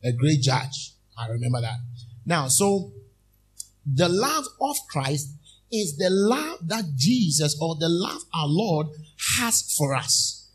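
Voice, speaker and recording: A man preaching a sermon in church as minister, reading scripture slowly and deliberately. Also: on the high side, very animated, husky.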